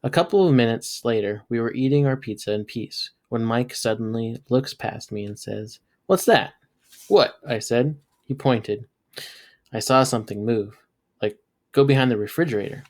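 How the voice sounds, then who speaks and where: A man, a teacher, reading a novel aloud and bringing the dialogue to life with sudden jumps in pitch and loudness. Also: normal speed. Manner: lively, voices characters with jumps in pitch and loudness. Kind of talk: read-aloud storytelling.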